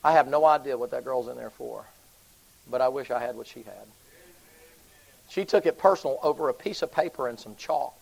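A man preaching, telling a story in a sermon. He swings from hushed, low passages to loud, high, excited ones. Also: a little fast, creaky, pauses often, slightly rough, poor audio.

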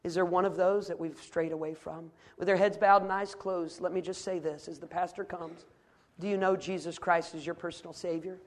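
Middle-aged male preacher, storytelling sermon voice that swells to fervent shouting. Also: high-pitched, steady tone, brisk.

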